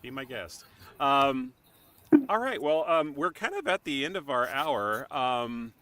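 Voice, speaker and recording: A man's voice: medium pitch, expressive, measured pace, sharp tone. A man hosting a podcast, talking enthusiastically and laughing easily. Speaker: podcast host. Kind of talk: casual chat.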